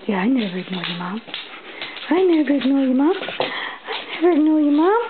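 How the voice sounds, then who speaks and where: A woman's voice: sits high, sing-song, normal speed, noisy background. A woman voicing her pet dog as a sweet, eager girl pleading with her owner in childlike baby-talk, on a tinny home video.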